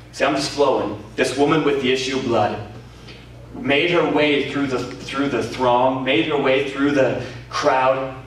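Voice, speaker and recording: A man preaching a sermon as pastor, telling stories with lively energy, acting out quoted voices and laughing often. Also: mid-range voice. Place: community centre hall. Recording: very echoey hall, voice from far off, faint noise.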